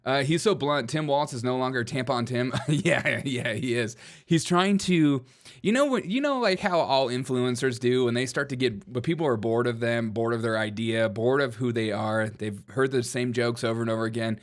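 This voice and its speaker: A man's voice: mid-range voice, normal speed. A man hosting a comedic political commentary show, joking and mocking with frequent laughter. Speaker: host.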